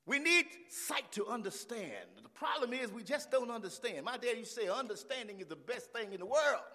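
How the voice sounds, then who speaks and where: A man preaching a sermon in a church, his high voice leaping up and down in pitch. He drops to easy talk, then climbs into shouted calls to the congregation. The sound rings with the long reverb of the hall. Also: lively intonation, fairly quick, hardly any pauses. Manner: builds from talk to shouting, call and response. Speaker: pastor.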